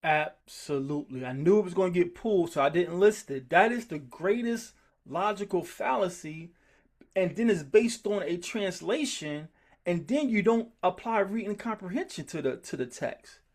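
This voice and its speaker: A male Bible study teacher leads a group scripture session, speaking in an animated, emphatic way and getting worked up. His voice is high and his speed is normal.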